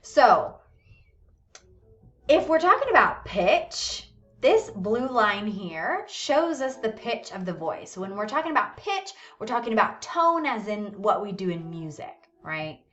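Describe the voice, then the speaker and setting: A woman teacher explains things unhurriedly and patiently, often checking that her listeners follow along. Her voice moves up and down with a lively, animated pitch. The recording sounds slightly dull and low-fidelity. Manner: slows down to model pronunciation of words. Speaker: English teacher. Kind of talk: recorded classroom lesson.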